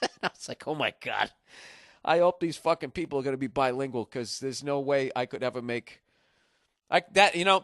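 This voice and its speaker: Man, from Massachusetts, podcast monologue, profane, rambling, mid pitch, dry studio sound. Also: fairly bright tone, dry recording. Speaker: podcast host.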